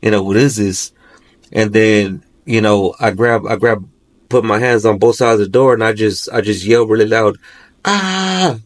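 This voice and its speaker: A man's voice: on the low side, steady tone, moderate pace. A man, a father of three, recounting a nightmare as a podcast guest, rambling and peppering his talk with "you know" and "like". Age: adult, father of three.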